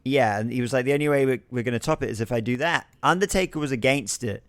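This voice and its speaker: A man's voice: mid-range voice, fast, no room sound. A man co-hosting a wrestling podcast, telling stories in a casual, chatty watch-along with frequent swearing and restarts. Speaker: podcast co-host.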